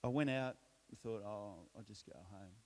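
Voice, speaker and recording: At church, a middle-aged Australian man gives a personal testimony, relaxed and story-like, with self-deprecating jokes and lots of restarts. His voice is fairly low and his speed normal.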